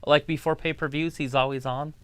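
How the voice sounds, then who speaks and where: A man's voice: fairly high pitch, fairly even intonation, brisk, over a noisy crowd. A man co-hosting a live stream, chatting casually and making blunt, wry remarks about what he is watching. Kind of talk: casual chat and commentary.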